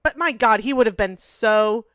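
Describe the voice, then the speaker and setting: Smooth-voiced woman co-hosting a sports chat. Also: on the high side, a bit bright, no echo, clean studio sound. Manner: enthusiastic, profane, quick asides. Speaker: podcast co-host.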